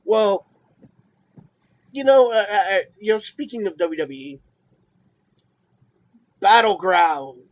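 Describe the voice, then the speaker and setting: A man's voice: high-pitched, sing-song, takes it slowly, pauses often. A man co-hosting a podcast in casual chat, hesitant and often repeating words. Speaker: podcast co-host. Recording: dull lo-fi sound.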